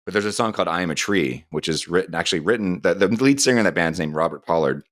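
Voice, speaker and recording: A middle-aged man with an extremely deep voice talks casually on a podcast, drifting through a long anecdote. The sound is close and dry, with no room around it. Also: lively intonation, fast, no echo. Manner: meandering anecdotal storytelling. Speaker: podcast co-host.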